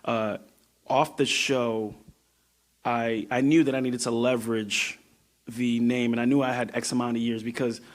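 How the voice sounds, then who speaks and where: A man's voice: medium pitch, flat delivery, moderate pace. A man from New York, a guest musician on a podcast, talking reflectively and often trailing off while he searches for words. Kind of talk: casual podcast conversation.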